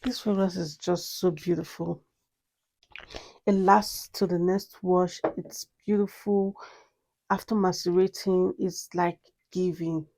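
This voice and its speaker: A woman's voice: on the low side, fairly even intonation, slow, gravelly, warm tone. A woman reviewing a perfume in a casual vlog, gushing and repeating herself with many exclamations. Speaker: fragrance reviewer.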